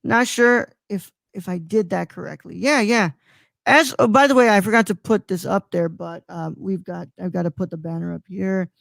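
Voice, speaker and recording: A Mexican man in his twenties hosts a casual live-stream, rambling, stumbling over names, and using many fillers. His voice is high-pitched and a bit bright with vocal fry, at a normal speed, with no echo.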